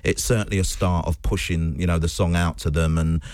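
A man's voice: sits low, fairly even intonation, brisk, darkish tone, dry recording, studio quality. A man, a guest on a radio show, speaking in an earnest, thoughtful way. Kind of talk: casual radio chat.

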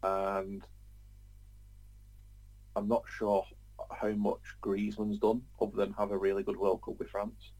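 A man chatting as a football pundit, halting and repeating words as he starts his points. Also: lowish voice, monotone, darkish tone, poor audio. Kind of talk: casual panel chat.

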